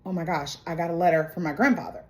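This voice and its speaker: A nervous young groom-to-be, quiet and hesitant, stumbling over his words, as a woman voices him in a recap. The voice sits a bit lower than her own. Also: fairly even intonation, fast talker, lightly acted. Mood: puzzled.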